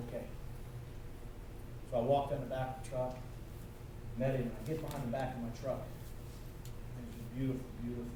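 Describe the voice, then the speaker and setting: Man, middle-aged, motivational speaker, live talk, hushed to fervent, distant camera recording, very echoey hall. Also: medium pitch, steady tone, fast, pauses often. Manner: storytelling, swings from hushed to shouting. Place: conference hall with audience. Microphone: audience camera recording from afar. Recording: echoey hall from far off, noisy.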